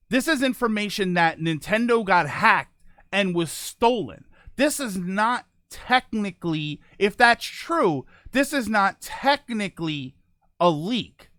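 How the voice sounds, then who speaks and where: Man, casual stream host, high voice, swings up and down a lot, rambling, dry close sound. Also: fairly bright tone, no echo. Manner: rambling, self-correcting, reads chat aloud. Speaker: livestream host. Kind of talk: casual live-stream chat.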